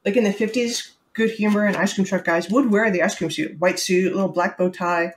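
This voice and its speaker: A wry woman in her forties, co-hosting a podcast with an easy conversational pitch. She tells stories in a chatty, lively way and lands her jokes dryly. She grew up in New York City. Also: brisk, a little hiss or hum. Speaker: podcast co-host. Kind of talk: casual chat.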